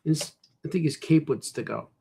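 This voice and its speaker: Slightly high-voiced man muttering while drawing. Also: moderate pace, gravelly, mellow, slightly rough. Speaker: cartoonist and comic shop host. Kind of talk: casual drawing vlog, thinking aloud.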